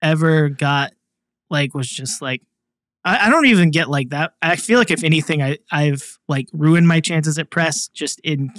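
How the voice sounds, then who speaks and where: A man chatting as a podcast guest in a slightly high voice, rambling and full of jokes. The recording is dry and close-miked. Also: normal speed, a bit bright, dry recording. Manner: rambling, heavy "like" fillers, jokey. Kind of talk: casual chat.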